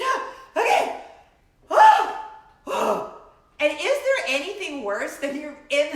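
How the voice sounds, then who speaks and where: Bright, laughing woman in an echoey room. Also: high-pitched. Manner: animated storytelling, breaks into laughter, acts out shrieks. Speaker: vlogger host. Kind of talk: casual chat to camera.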